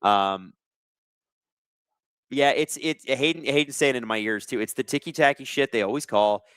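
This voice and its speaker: A man's voice: medium pitch, normal speed, a bit bright, clean tone, dry recording. A man hosting a casual live sports watch-along, reading chat aloud and joking sarcastically, with plenty of swearing. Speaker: livestream host.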